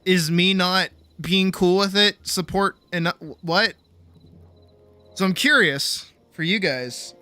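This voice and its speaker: A man's voice: high voice, takes it slowly, sharp tone, dry recording, faint music behind. A man streaming games and rambling through a story casually, full of fillers and swearing. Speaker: game streamer. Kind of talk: casual live-stream chat.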